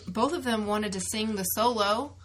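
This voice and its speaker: A woman's voice: fairly high pitch, unhurried, a little hiss or hum. A woman co-hosting a casual movie podcast, sharing trivia in a chatty way with small self-corrections. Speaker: podcast co-host.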